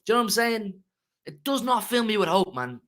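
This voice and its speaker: A man's voice: sits high, very animated, fairly quick, fairly bright tone. A man hosting a fan channel, ranting emotionally about football to his live chat and repeating himself for emphasis.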